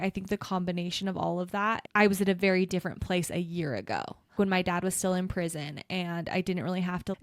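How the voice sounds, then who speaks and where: A woman's voice: on the low side, clean tone, dry recording. A woman in her thirties co-hosting a podcast, opening up in a candid, emotional and self-deprecating way. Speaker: podcast co-host. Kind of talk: candid casual chat.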